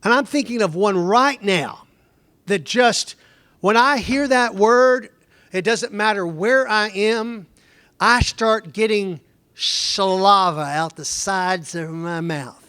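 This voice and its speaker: Middle-aged man, Bible lesson lecturer; high-pitched, conversational, quizzes the room, dry close recording. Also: slow pace, sharp tone, smooth, no room sound. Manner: conversational, digressive, asks the class questions. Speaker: Bible teacher.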